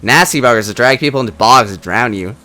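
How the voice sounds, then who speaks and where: A man voicing a tough, friendly Irish woman who used to be a ranger, in a rough, attempted Irish accent, chatting casually. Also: mid-range voice, fast, pushed and bright, natural voice. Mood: chatty.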